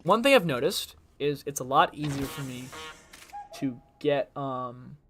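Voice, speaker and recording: A man's voice: mid-range voice, animated, unhurried, fairly bright tone, slight background noise. A young man giving rambling, self-deprecating commentary while playing, his throat a little strained. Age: young adult. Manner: chatty, self-deprecating, jumps between topics. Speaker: gaming challenge streamer.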